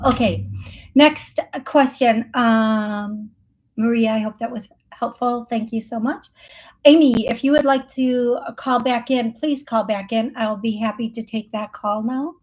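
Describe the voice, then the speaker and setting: A fairly high-voiced woman runs a live call-in psychic reading show at an unhurried pace. She rambles with plenty of ums and restarts. She laughs easily as she talks. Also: steady tone, a little mellow. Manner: chatty and rambling, with frequent fillers and self-corrections.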